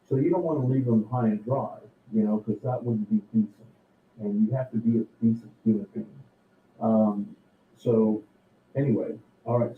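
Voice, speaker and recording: A man's voice: medium pitch, slight background noise. A middle-aged man, hosting a casual live show, rambling with lots of fillers while he gives life advice. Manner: rambling, folksy, advice-giving, many fillers. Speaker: host. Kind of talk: casual live-stream monologue. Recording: echoey tinny distant phone-like audio.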